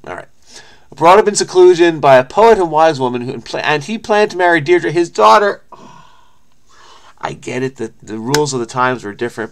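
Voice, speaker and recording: An excitable man reads a story aloud in a middle-pitched voice, then keeps cutting in on himself. He uses quick outbursts and half-finished asides, and his reading has the running-commentary feel of a crossword host. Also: smooth. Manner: excitable, interrupting himself with exclamations.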